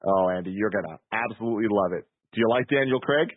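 A man hosting a podcast in casual chat, excitable, swearing loosely as he reads out listener reviews. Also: fairly low pitch, quick pace, dry recording. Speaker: podcast host. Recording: tinny phone-like audio.

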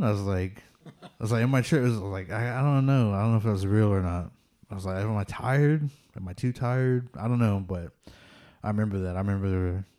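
A man's voice: on the low side, dark tone. A man casually telling ghost stories, rambling with lots of fillers and laughing nervously at the tense parts. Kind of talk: casual storytelling of ghost encounters.

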